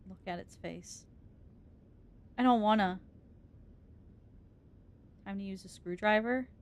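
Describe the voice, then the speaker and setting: A woman's voice: medium pitch, takes it slowly. A woman streamer giving let's-play commentary on a horror game, jumpy and scared, swearing and laughing nervously.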